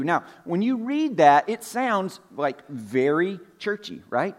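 Male pastor, slightly high voice, easygoing sermon delivery, restates points, loose filler words. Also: very animated, unhurried, hardly any pauses. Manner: casual, repeats points, many "like" fillers. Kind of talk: conversational sermon. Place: church sanctuary.

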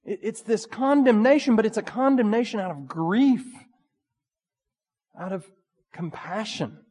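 Man, pastor, sermon, conversational, animated, reverberant hall. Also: sits high, unhurried, long pauses, breathy edge. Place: church sanctuary. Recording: long reverb of a church hall.

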